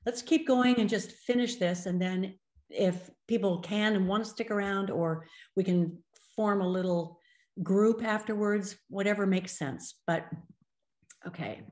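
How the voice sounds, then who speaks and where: A middle-aged woman giving a conference presentation, explaining in a measured way with frequent ums. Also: mid-range voice, a little mellow. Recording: roomy echo.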